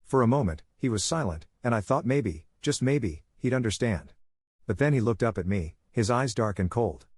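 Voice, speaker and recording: A man giving a measured, scripted first-person story narration. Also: mid-range voice, lively intonation, darkish tone, breathy edge, no echo, clean studio sound.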